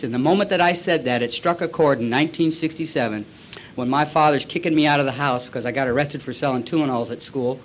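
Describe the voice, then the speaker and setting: A man's voice: fairly high pitch, quick pace, slight background noise. A man in his forties giving a recovery meeting talk, a blunt, colloquial storyteller who acts out past conversations.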